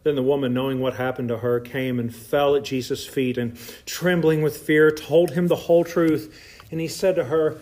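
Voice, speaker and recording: In a church, a pastor with a Southern Appalachian accent preaches a folksy, animated sermon, tossing asides to the congregation. His voice is medium-pitched and moves at a normal speed.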